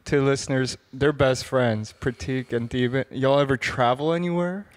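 A man hosting a casual podcast chat, laid-back and quick to joke. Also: medium pitch, fairly even intonation. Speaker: podcast host.

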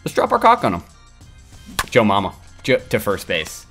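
A young man giving crude, excitable live commentary while he plays a video game, trash-talking and yelling at the screen. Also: fairly low pitch, moderate pace, faint music behind. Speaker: gaming streamer.

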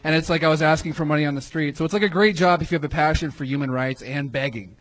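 A young man from Texas talks with a noticeable lisp, his voice sitting a bit high for a man. He answers questions hesitantly and rambles, poking fun at himself. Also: quick pace, fairly bright tone. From Houston, Texas. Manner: hesitant, rambling, self-deprecating. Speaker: comedian guest being interviewed. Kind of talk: casual live interview.

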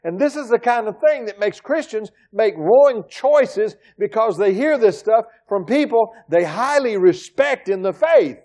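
A middle-aged man preaching a sermon as pastor, emphatic, swinging from loud exclamations to quiet asides. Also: sits high, animated, unhurried, hardly any pauses. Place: church sanctuary.

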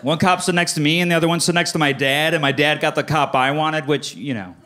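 A man's voice: a little high, fast, pushed and bright, slight background noise. A man doing stand-up comedy on a club stage, telling stories animatedly and slipping into exaggerated voices for family members. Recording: live club recording with audience laughter.

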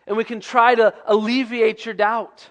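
Male pastor, fairly high voice, conversational sermon, big reverberant hall. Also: flat delivery, normal speed, lo-fi sound. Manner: conversational preaching, drops to hushed tones.

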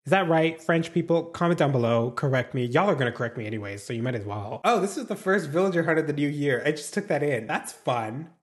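A man giving casual gameplay commentary as a gaming YouTuber, excitable and chatty, swearing freely and talking straight to his viewers. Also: fairly high pitch, quick pace, hardly any pauses.

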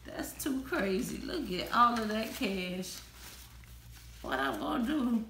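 A woman's voice: on the high side, animated, measured pace, bright, forceful tone, slight background noise. A young woman, chatting casually in an exclamatory, gushing way. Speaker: vlogger. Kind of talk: casual chat. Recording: echoey room.

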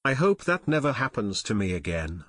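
A man voicing an eager, excitable teenage boy detective in an audiobook. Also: on the low side, normal speed, no echo, studio quality.

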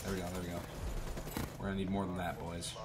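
A man's voice: low-pitched, level tone, quick pace, very noisy. Trash-talking young man gaming. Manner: trash-talking, swearing, swings into loud outbursts. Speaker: gaming YouTuber. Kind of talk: gameplay commentary.

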